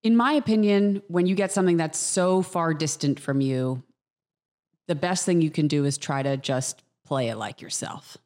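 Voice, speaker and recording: Woman acting coach, low voice, measured and earnest in relaxed chat. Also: big-room sound. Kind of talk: casual podcast chat.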